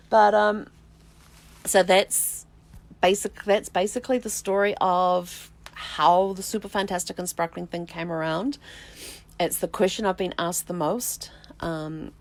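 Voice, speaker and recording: Low, gravelly-voiced woman storyteller. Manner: reflective, unhurried, with halting restarts and soft fillers. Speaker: vlog host, family tree researcher. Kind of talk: personal storytelling to camera.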